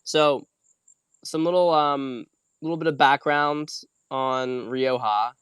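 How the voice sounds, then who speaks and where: A man's voice: mid-range voice, fairly even intonation, slow, fairly bright tone, clear, resonant tone, dry recording. A young man hosting a casual solo video, chatting about an upcoming trek and then teaching a wine lesson, a little tired and rambling with many restarts. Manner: rambling, self-correcting, conversational teaching. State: a little tired after a long hike. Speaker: host.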